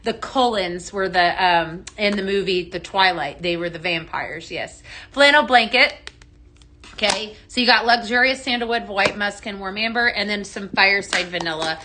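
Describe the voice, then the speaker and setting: A woman's voice: mid-range voice, moderate pace, bright, forceful tone, slight background noise. A woman with a Texan accent hosting a casual live stream, chatty and bubbly, greeting viewers by name and laughing often. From Texas. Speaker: live-stream host mixing fragrances. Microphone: phone.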